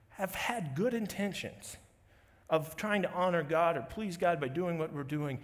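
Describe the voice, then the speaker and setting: Young male pastor, higher voice, casual storytelling sermon, church hall reverb. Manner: conversational storyteller acting out quotes.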